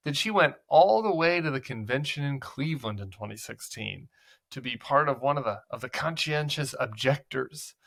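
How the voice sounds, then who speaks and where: Male political commentary host, bright voice, sarcastic and conversational. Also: mid-range voice, vocal fry.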